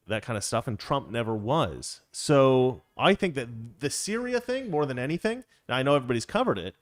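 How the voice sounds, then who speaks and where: A man's voice: mid-range voice, no echo, studio quality. Rambling man hosting political talk. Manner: rambling, self-interrupting, wry. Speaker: political commentary host. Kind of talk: casual political talk show.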